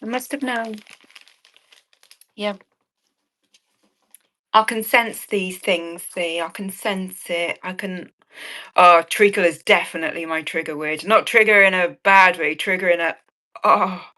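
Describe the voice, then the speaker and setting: A woman runs a live online jewellery auction, chatting in a bubbly, rambling way with cheeky asides and frequent laughs. Her pitch is fairly low and her tone bright and forceful, delivered unhurriedly with many pauses.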